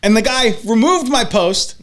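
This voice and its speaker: Ranting high-voiced man on a podcast. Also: lively intonation, measured pace. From Portland area, US. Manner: loud, ranting, laughs often, profane. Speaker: podcast co-host. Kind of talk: casual profane chat.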